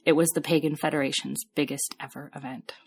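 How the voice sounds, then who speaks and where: A woman podcast host reading scripted storytelling narration in a measured, reflective way. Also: deep voice, flat delivery, gravelly, husky.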